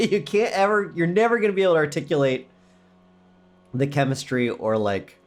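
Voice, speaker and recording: Animated middle-aged male podcast co-host. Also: fairly high pitch. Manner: animated, storytelling with quick asides and laughs. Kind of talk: casual chat.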